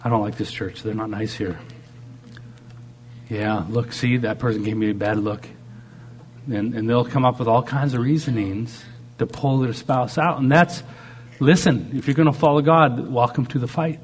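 A man's voice: medium pitch, fairly even intonation, normal speed, a little hiss or hum. A man preaching a sermon, shifting dramatically in tone and acting out the voices he quotes. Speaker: pastor.

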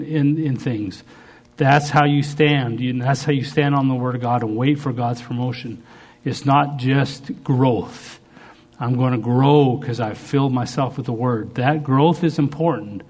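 A middle-aged male pastor preaching a sermon, jumping to loud, high bursts when he acts out prayers and then dropping back low.

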